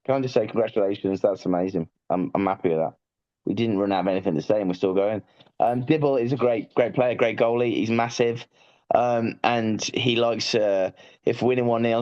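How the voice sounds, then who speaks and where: Low, dark-voiced chatty man on a podcast. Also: fairly quick, dull audio. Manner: chatty, joking, rambling with fillers. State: has covid. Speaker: podcast guest, football fan. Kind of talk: casual podcast chat.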